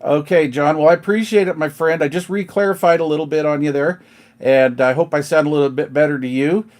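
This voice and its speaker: Brief: middle-aged male radio hobbyist, slightly high voice, chatty, slangy CB lingo, home live stream. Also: fairly even intonation, brisk, a little mellow. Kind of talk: casual live-stream chat over CB radio. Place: home, at a kitchen table.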